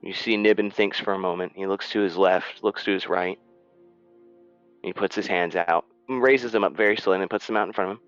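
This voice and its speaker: A man's voice: fairly low pitch, fairly even intonation, normal speed, a bit bright, smooth, dry recording, dull audio, soft background music. A man narrating as game master of a tabletop game, in a casual, loose style with fillers.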